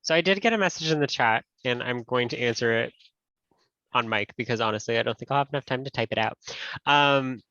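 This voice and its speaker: A man's voice: medium pitch, brisk, pushed and bright, no echo. A man presenting a webinar and answering questions, in a casual, friendly way and correcting himself as he goes. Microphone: video call. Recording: dull dry audio.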